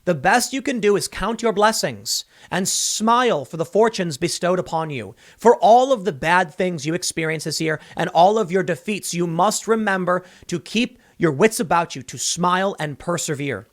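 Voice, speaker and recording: A man delivering an opinionated, sarcastic political commentary monologue, now and then mocking people in shrill impressions. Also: moderate pace, few pauses. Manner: animated, sarcastic, mocks others with shrill impressions.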